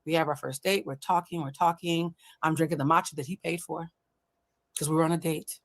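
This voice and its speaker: Animated, profane woman telling a story. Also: a little fast. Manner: animated, blunt and profane, acts out dialogue with big pitch jumps. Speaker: host of a livestream, emotional intelligence coach. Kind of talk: casual storytelling to a live audience.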